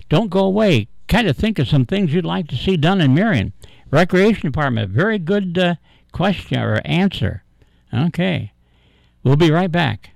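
A man's voice: a little high, vocal fry, no room sound, rough recording. An older man hosting a local radio talk show, rambling and chuckling as he chats. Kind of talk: casual local radio chat.

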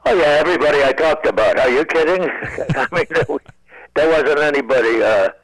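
A man's voice: a little high, animated, a little fast, a bit bright, no room sound, poor audio. A man in his nineties, a comedian guest calling in from home, rambling with stammered restarts and dry wisecracks. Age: 90s. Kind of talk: joking radio interview.

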